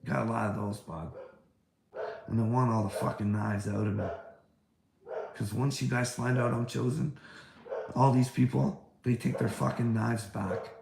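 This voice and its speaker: A man with a medium-pitched, fairly flat voice and vocal fry rambles through a livestream rant at a moderate pace, leaving long pauses. He's taunting and preachy, calls the listener "bud," swears often and laughs between lines. The sound is roomy with a noisy background.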